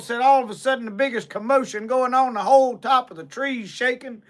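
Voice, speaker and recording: High-voiced Southern storyteller spinning a tall tale. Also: male voice, fairly quick. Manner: drawling, repeats "said" constantly.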